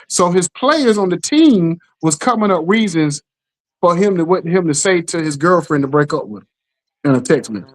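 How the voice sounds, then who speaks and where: A middle-aged man hosting a casual podcast chat, telling animated stories and acting out the quotes. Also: high-pitched, normal speed, poor audio. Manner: animated storytelling, acts out quotes, keeps asking "you know what I'm saying". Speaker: podcast host.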